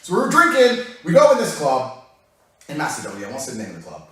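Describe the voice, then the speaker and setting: A fast-talking Englishman, a guest telling a story, delivers a rowdy, swear-filled casual anecdote, his pitch jumping up and down and his animated telling breaking into laughter. He sounds far from the mic in a very echoey room.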